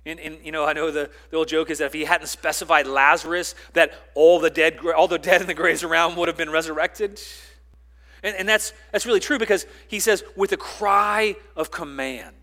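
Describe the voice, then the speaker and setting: A man preaching a sermon as pastor, building to loud emphatic lines and dropping to quiet ones, with repeats and restarts. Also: fairly high pitch, fairly even intonation, normal speed. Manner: repeats words and restarts phrases.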